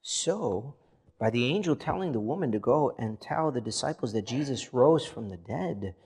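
A male pastor delivers a sermon in a mid-pitched voice. He reads passages of scripture with rising, dramatic emphasis and settles into a plain, earnest tone between them. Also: animated, normal speed, darkish tone, breathy edge.

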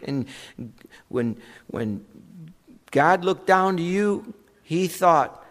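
Brief: male pastor, slow deliberate sermon with lively swings in pitch, echoing church hall. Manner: conversational preaching, animated with asides.

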